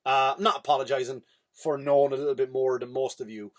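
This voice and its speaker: A man's voice: mid-range voice, level tone, fast. An Irish man hosting a comedy podcast, telling a story in a wry, self-mocking way. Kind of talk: casual comedic monologue.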